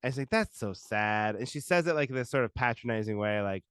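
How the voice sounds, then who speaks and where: A man's voice: medium pitch, lively intonation, fairly quick, fairly bright tone, clean tone, no room sound. A man co-hosting a podcast, a comedian telling wry, exasperated stories in casual chat.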